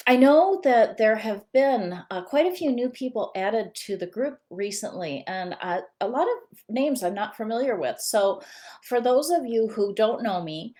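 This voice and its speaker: A woman's voice: mid-range voice, darkish tone. A woman business coach who talks in a chatty, welcoming way as she speaks directly to viewers in a live-streamed talk. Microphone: computer camera for a live stream.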